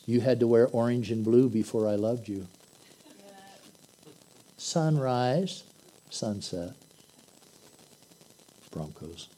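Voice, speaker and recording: A man's voice: medium pitch, takes it slowly, pauses often, dark tone, rough recording. A man preaching an earnest, conversational sermon that swells into emphatic bursts. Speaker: pastor.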